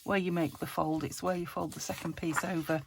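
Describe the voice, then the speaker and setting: Chatty croaky woman crafting on camera. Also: fairly low pitch, steady tone, brisk, background noise. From United Kingdom. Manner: chatty, self-chiding, thinks aloud while working. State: slightly croaky voice. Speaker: crafting channel host. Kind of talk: casual craft tutorial chat.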